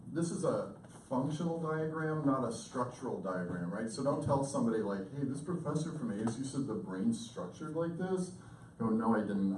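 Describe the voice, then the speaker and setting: A man in his fifties, a communication professor, lecturing with lively, intense storytelling and acted-out quotes. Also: mid-range voice, slight background noise. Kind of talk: lecture to an audience. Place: lecture hall. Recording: echoey hall recorded from far off.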